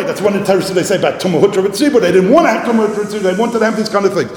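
A man giving a Talmudic lecture, animated and repetitive, mixing in Yiddish and Hebrew terms, coughing now and then. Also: high-pitched, very fast, hardly any pauses. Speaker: Torah teacher. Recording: echoey hall, faint noise.

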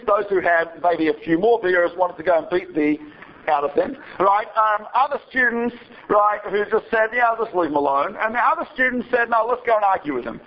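A male rabbi telling a story to his students in a digressive, chatty lecture, often checking in with a rhetorical "right?". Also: sits high. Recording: dull lo-fi recording.

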